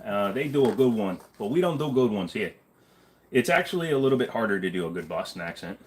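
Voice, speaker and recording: A man's voice: on the low side, lively intonation, fast, a little hiss or hum. A man hosting a casual livestream and answering chat in a blunt, offhand way, swearing now and then. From Canada. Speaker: livestream host reading chat.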